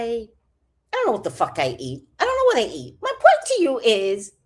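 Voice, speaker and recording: A woman's voice: a little high, huge pitch swings, normal speed, husky. A woman chatting casually on a livestream, reading out comments with rambling, profane asides and jokes. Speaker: vlogger.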